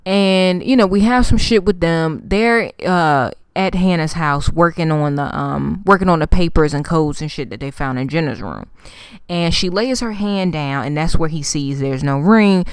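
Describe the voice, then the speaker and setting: Female vlogger, profane animated recap; low, smooth tone. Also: normal speed, no room sound, clean studio sound. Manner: animated storytelling, heavy swearing, slangy. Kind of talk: casual profane TV episode recap.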